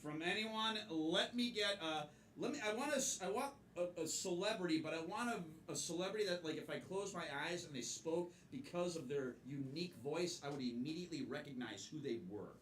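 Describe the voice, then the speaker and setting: A man hosting a live improv comedy show, energetic, laughing, calling out to the audience. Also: a little high, brisk, hardly any pauses, a little hiss or hum. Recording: roomy stage sound from far off.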